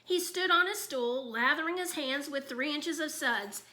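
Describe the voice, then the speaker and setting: A woman reading a children's book aloud in an expressive storytelling manner. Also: high-pitched, moderate pace. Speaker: reader.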